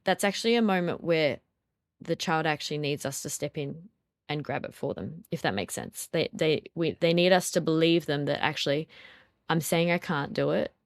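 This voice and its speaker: A woman in her thirties speaks in a lowish, even voice, patiently working through a parenting point with plenty of ums. The sound is close and dry, with no room around it. She talks like a mother sharing what she has learned. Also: moderate pace, creaky, no room sound. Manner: thoughtful, explains step by step with frequent ums. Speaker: podcast co-host and mother of a toddler. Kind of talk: reflective parenting talk.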